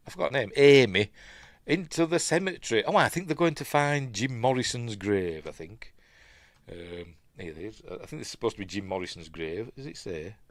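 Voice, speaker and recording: A man's voice: lowish voice, no room sound, studio quality. A middle-aged man with a Yorkshire accent giving casual, chatty commentary on a film he's reviewing, full of asides and self-corrections. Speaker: film reviewer, channel host.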